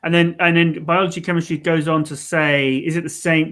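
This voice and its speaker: With a fairly high, a bit bright voice that barely moves in pitch, a man keeps a moderate pace with few pauses. He's co-hosting a live learning stream, hesitantly explaining pronunciation with plenty of ums, fillers, and restarts.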